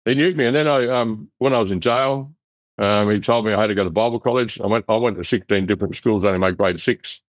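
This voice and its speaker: A middle-aged Australian man telling his life story in an interview, in a rough, blunt, animated way, acting out the voices of people he quotes. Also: on the low side, quick pace, no room sound. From Western Australia. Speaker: interview guest. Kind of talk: casual storytelling.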